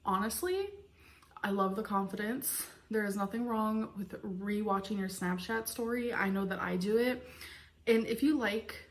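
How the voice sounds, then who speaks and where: A woman's voice: mid-range voice, moderate pace. A woman YouTuber casually reading out viewer secrets, chatty and giggly. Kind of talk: casual video chat.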